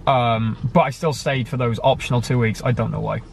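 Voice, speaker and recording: A young man from the UK chats casually and rambles, full of fillers and restarts. His voice sits at an ordinary middle pitch. A faint hiss of background noise runs under the recording. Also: fairly even intonation, a little fast, gravelly. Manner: rambling, with many fillers and self-corrections. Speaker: guest sharing his story. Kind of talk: casual conversation.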